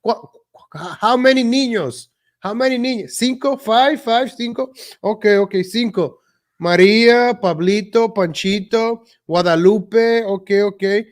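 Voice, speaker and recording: Man doing a halting mother in broken English, high-pitched, stammering, mixing in Spanish words. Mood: flustered.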